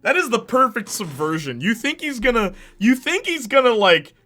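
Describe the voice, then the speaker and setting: A man hosting a casual movie ranking, excitable and slangy, laughing often as he talks. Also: very high-pitched, normal speed. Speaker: host.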